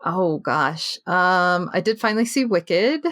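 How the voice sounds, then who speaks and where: A woman's voice: on the low side, lively intonation, slow, fairly bright tone, no echo. A woman co-hosting a podcast in casual chat, chatty with many fillers and laughs. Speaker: podcast co-host.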